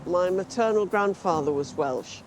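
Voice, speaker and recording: A woman's voice: on the low side, normal speed, darkish tone, slight background noise. A woman chatting casually with her co-presenter during a road trip in a vehicle, keen on slipping into voices and accents. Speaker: travel show co-presenter.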